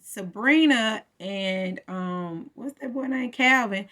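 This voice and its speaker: A woman's voice: medium pitch, slow pace, fairly bright tone. A woman casually recapping a TV episode in a chatty storytelling way, acting out the characters' lines as she goes.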